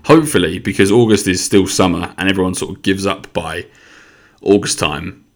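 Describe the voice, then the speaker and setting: A young man rambles through a solo podcast, swearing freely. His voice is low and deep, speaking into a close podcast mic. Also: normal speed, vocal fry. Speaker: podcast host. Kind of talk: casual solo podcast monologue. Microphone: podcast microphone.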